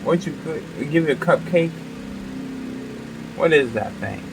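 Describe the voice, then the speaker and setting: A man's voice: on the high side, lively intonation, measured pace, creaky, background noise. Blunt man swearing through a reaction video. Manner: blunt, swears freely, talks over the clip. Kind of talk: casual reaction commentary.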